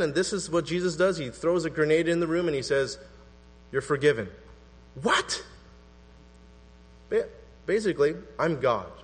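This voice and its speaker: A man preaching a sermon in an animated, conversational way, acting out quotes as he goes. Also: sits high. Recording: long hall reverb with mains hum.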